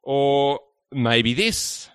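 Man, preacher, evening church talk, chatty, playful, lots of ums, bright voice. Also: medium pitch, expressive, drawn-out words, clean tone. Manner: chatty and playful with the audience, many fillers.

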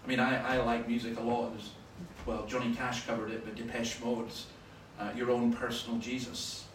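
A Scottish man preaching a sermon, telling stories with sudden loud bursts of emphasis. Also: medium pitch, little pitch movement, normal speed. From Scotland. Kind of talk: sermon with anecdotes. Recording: roomy, from far off, faint noise.

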